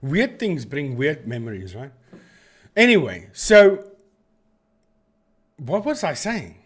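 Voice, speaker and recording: A man's voice: a little high, very animated, takes it slowly, breathy edge. A man from Africa, hosting a casual live stream and telling long, meandering stories with frequent restarts. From South Africa. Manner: rambling, digressive storyteller who often restarts sentences.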